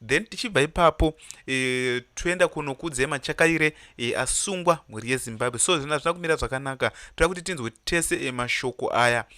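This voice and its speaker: Fast, bright-voiced male news host. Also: medium pitch, dry recording. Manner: fast, bright and forceful, mixes English into his talk. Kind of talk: casual news commentary.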